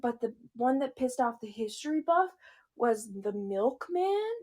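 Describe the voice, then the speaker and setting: A young woman co-hosts a casual podcast with a friend, spinning silly plans with playful excitement. Her voice sits a little high, and she talks in quick, animated bursts. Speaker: podcast co-host. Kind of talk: casual chat.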